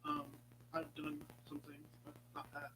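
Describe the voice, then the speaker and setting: A man's voice: on the high side, monotone, measured pace, over music, poor audio. Chatty man hosting a live stream. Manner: chatty, meandering, lots of ums and restarts; playful, sometimes drops to a whisper. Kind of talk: casual live chat with viewers.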